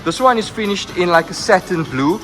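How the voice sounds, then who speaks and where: A young man narrating a walkaround tour of a car showroom, full of excitement, repeating himself and leaning on "like" and "look at". He talks into a handheld camera mic indoors. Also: high voice, fairly quick, faint music behind. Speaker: car vlogger.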